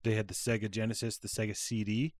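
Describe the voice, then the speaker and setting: A man's voice: lowish voice, little pitch movement, fast talker, dry recording. A man co-hosting a podcast in casual chat, easygoing and steering the talk with questions. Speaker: podcast co-host.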